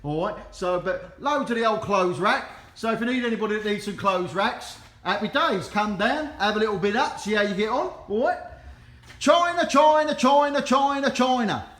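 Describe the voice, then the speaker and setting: A man's voice: sits high, animated, fairly quick, few pauses, sharp tone. A middle-aged man from London with a Cockney accent, chatting jokily as he walks through an auction preview and keeps tagging "right?" onto his sentences. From London, England. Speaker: auctioneer giving a preview tour. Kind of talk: casual walk-through chat. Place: auction building, walking indoors.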